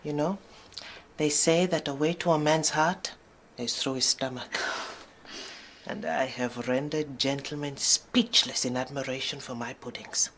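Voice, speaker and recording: A woman's voice: very deep voice, steady tone, unhurried, fairly bright tone, slight background noise, heavily acted. An actress playing a self-satisfied woman proud of her puddings, speaking grandly. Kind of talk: TV drama acting.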